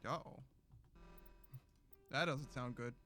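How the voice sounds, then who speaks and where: A man's voice: medium pitch, takes it slowly, sharp tone, faint music behind. A man giving playful, joking gameplay commentary with rambling asides. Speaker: let's play streamer.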